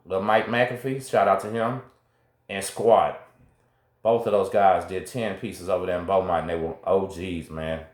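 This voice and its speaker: Speaking directly to his audience, a middle-aged man hosts and recounts a personal story in casual slang. He has a low-pitched voice with fairly even intonation and a moderate pace, heard in an echoey room.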